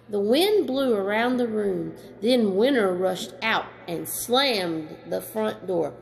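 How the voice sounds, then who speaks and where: A woman reading a children's story aloud as storyteller, gentle and slow, chatting to a child in between. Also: medium pitch, animated, vocal fry.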